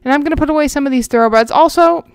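A gaming channel host chats casually with viewers while playing a horse game, rambling and talking to herself. She speaks very fast in a high-sitting voice, and the recording is dry.

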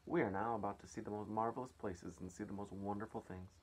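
A man voicing a kind, gentle female ladybird in a read-aloud storybook, speaking calmly and reassuringly. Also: lowish voice, fast, a little hiss or hum, natural voice. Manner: calm, reassuring storybook reading.

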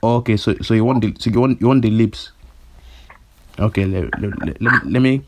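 A man's voice: fairly low pitch, fairly quick, noisy background, lightly acted. Man doing a stammering hot-headed kidnapper. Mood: deadpan menace. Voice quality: stammering, repeats himself. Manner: escalating, shouty threats. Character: hot-headed male kidnapper making threats. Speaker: prank caller. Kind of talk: prank phone call.

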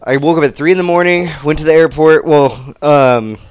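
A man's voice: on the high side, a little fast, clean tone, no echo. A young man co-hosting a podcast, telling crude joking stories in casual chat. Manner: joking, tells tall tales, laughs a lot. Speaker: podcast co-host.

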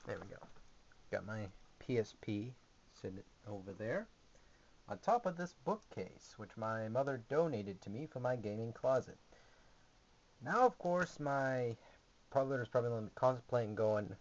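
A man's voice: medium pitch, animated, measured pace, long pauses, dull audio, slight background noise. A young man giving a rambling, jokey, sarcastic tour of his small gaming closet, recorded on a camera mic. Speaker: vlogger. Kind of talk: casual home video tour.

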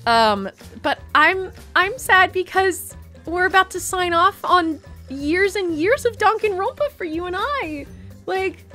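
A woman's voice: very high voice, animated, a little slow, bright, forceful tone, soft background music. A woman co-hosting a game playthrough, rambling and gushing in casual chat with the odd swear word. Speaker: co-host of a gaming channel. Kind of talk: casual let's play chat.

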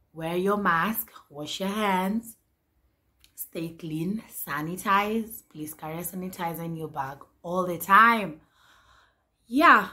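A woman in her twenties chatting to camera as a vlogger, excitable and repeating her phrases. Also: fairly low pitch. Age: 20s. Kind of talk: casual chat to camera.

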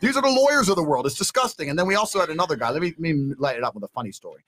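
Male podcast guest, animated storyteller, slightly high voice, close dry studio sound. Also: rapid-fire, no room sound. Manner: animated, swinging between low mutters and high bursts. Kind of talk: casual storytelling. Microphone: studio mic.

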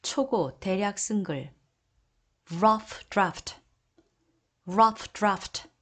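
At a measured pace, a woman reads a vocabulary list, matching each Korean term with its English phrase and then repeating the English twice, slowly and carefully. Her voice is at an ordinary middle pitch with a fairly bright tone.

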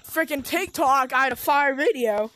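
A woman's voice: sits high, normal speed, pushed and bright. A woman vlogging casually while playing a VR game, rambling and telling stories full of fillers through a headset mic. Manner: rambling, chatty storytelling with many fillers. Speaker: gaming vlogger. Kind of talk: casual gameplay chatter.

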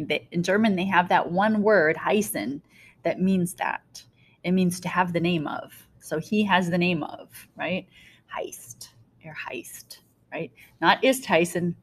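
Chatty woman teacher, lowish voice. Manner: chatty, self-correcting, explains with homey examples. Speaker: German teacher. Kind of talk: recorded classroom screencast lesson.

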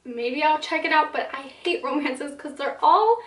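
Young adult woman, book vlogger; high voice, chatty, filler-heavy, dramatic asides; echoey room, mic a little distant. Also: normal speed. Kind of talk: casual talking-to-camera vlog.

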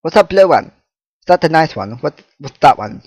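A man's voice: a little high, big pitch swings, moderate pace, darkish tone, slightly rough, no room sound. A man commentating his own horror game play, jumpy, swearing, laughing and talking to objects in the game. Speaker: gaming channel host.

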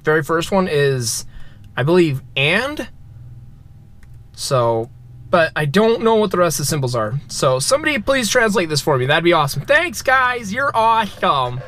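Brief: high-pitched male let's-player, jokey, shouts at scares. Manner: excitable, yelps and shouts at scares; joking, talks to viewers. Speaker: gamer. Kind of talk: let's play commentary.

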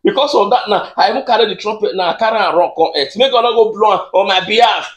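A man with a Nigerian accent doing a rambling comic monologue, speaking excitably and stammering through repeated words. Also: high-pitched, fast talker, reverberant. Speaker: comedian.

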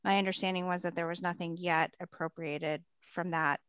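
A woman with a smooth, clear voice lays out budget figures in a committee meeting. She speaks in a careful, explanatory way. The sound is dry and close. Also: lowish voice, steady tone, moderate pace, fairly bright tone, dry recording.

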